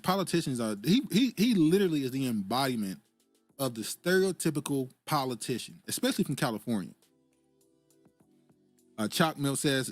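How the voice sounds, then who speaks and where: A man's voice: mid-range voice, dry recording. A man hosting a casual political commentary stream, laughing often as he reads viewer comments aloud. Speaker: host reading live chat.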